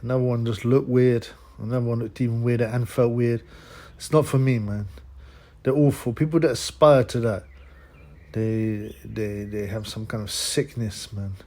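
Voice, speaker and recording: A man's voice: medium pitch, level tone, normal speed, a little mellow. A man hosting his own channel, delivering a crude, scornful ranting monologue and tagging his sentences with "man" and "yeah?". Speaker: channel host.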